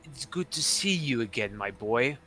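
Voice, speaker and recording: A man's voice: medium pitch, lively intonation, moderate pace, music in the background, close to an everyday voice. A man doing a sly goblin lord. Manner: wheedling, repeats words, brusque insults. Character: finely dressed male pirate goblin lord, sly and scheming.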